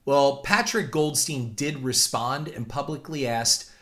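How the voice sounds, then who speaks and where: A man hosting a show, telling a story in animated commentary and often repeating words as he talks. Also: mid-range voice, measured pace. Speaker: podcast host.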